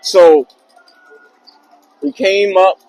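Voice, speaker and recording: A young man telling a personal story in a casual, slangy, animated way on his vlog. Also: high voice, extremely slow, soft background music, poor audio. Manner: slangy, animated retelling with acted quotes.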